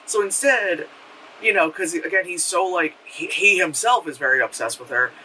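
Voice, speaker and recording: A movie reviewer with a high, very bright voice talks through a film at normal speed, animated and rambling, piling up "like" and swearing freely in a casual spoken review. He seems a bit distant from the mic, with faint hiss behind him.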